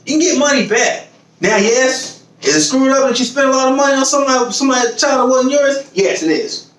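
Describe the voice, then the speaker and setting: A man's voice: very high voice, lively intonation, fast, a bit bright, roomy sound, far from the mic, poor audio. A man hosting a podcast in casual chat, swearing freely, acting out other people's voices and laughing often. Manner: swears freely, repeats phrases while building a point. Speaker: podcast host.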